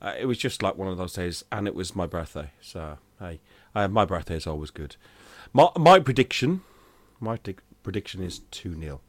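A man's voice: deep voice, no room sound. Middle-aged Irish male host, jokey and profane, dry close sound. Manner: joking, swearing, laughs a lot. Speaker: podcast host. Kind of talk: casual chat.

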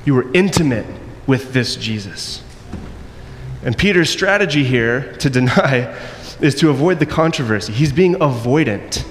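A man preaching a sermon, acting out the quoted voices and moving between loud and soft passages. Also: mid-range voice, lively intonation, normal speed. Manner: acts out quoted voices, varies loudness widely. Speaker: pastor. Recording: long echo in a hall, faint noise.

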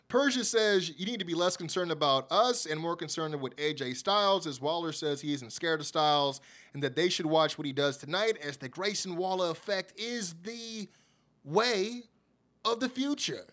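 Chatty, higher-voiced man recapping wrestling. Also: moderate pace, a bit bright. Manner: chatty, full of fillers, laughs at his own jokes. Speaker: podcast host. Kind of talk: casual wrestling show recap.

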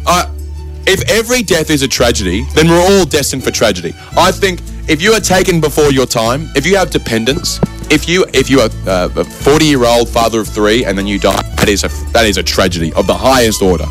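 A man's voice: mid-range voice, faint music behind. A man co-hosting a comedy podcast, ranting animatedly and joking. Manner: animated, ranting, quick-witted. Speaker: podcast co-host. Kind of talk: comedic banter.

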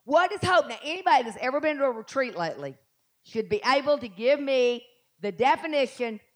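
A high-voiced middle-aged woman preaches. She drops to quiet, chatty asides, then climbs to loud, stretched-out emphasis. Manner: animated preaching, swinging from soft asides to loud drawn-out emphasis. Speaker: pastor. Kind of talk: sermon.

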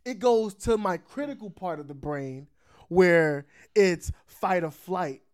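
Animated laughing man telling a story. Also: high-pitched, slow, clean tone. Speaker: podcast host. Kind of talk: casual storytelling chat.

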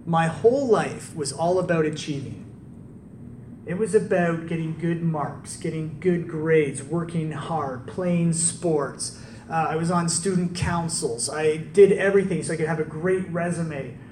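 Animated high-voiced male preacher, echoey hall. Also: unhurried, a little hiss or hum. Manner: animated, storytelling, asks rhetorical questions. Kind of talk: conversational sermon. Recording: echoey room, distant mic, faint ambience.

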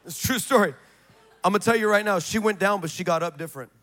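There's a little hiss or hum as a middle-aged pastor preaches in church, his high-pitched voice moving at a quick pace. He tells a story with great drama, alternating between shouts and hushed passages.

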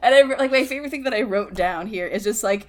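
A woman's voice: mid-range voice, quick pace. Giggly woman mocking a movie. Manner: giggly, filler-heavy, incredulous. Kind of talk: casual movie review chat.

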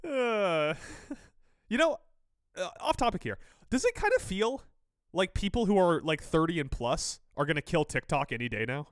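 A man's voice: high voice, dry recording, clean studio sound. A man co-hosting a sports podcast, giving strong opinions and teasing his partner in casual chat. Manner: opinionated, animated, quick to tease. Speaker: podcast co-host.

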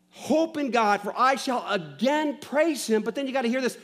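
A man delivers a sermon in a high voice, full of feeling. He keeps asking the listeners questions and repeats key lines, pressing hard on some words and dropping to a near hush on others. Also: expressive, moderate pace, hardly any pauses. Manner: impassioned, swinging from loud emphasis to hushed lows. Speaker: preacher.

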